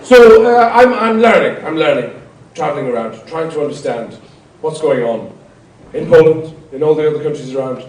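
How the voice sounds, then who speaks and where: A middle-aged man, doing stand-up comedy in a rambling, wry way with sudden loud outbursts. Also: on the high side, animated, moderate pace. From Ireland. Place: large concert hall before an audience. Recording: roomy hall sound from a distance with noise.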